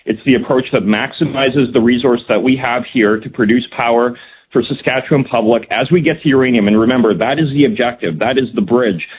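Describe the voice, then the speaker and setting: A man, a provincial minister, defending policy in a radio interview, measured and full of ums. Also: medium pitch, a little hiss or hum. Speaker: provincial cabinet minister, guest. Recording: tinny phone line.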